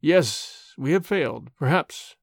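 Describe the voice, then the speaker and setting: A smooth, sarcastic male agent, as a male narrator puts him on, full of quiet, mocking courtesy. He is pitched low against the narrator's usual voice. The storybook reading sounds close and dry. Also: lively intonation, slow, no room sound, full character voice. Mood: sly. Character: sly, urbane, sarcastic male French agent.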